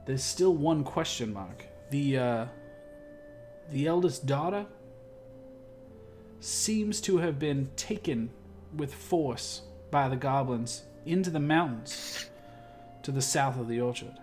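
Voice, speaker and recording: A man's voice: medium pitch, takes it slowly, a little mellow, soft background music. Man player recapping at a tabletop game. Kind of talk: in-character tabletop play.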